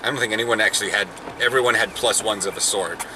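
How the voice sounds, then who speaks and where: A man's voice: lowish voice, quick pace, background noise. A young man chatting casually in a car while vlogging, rambling with restarts and laughs. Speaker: vlogger, football player. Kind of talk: casual chat. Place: in a car, then outdoors.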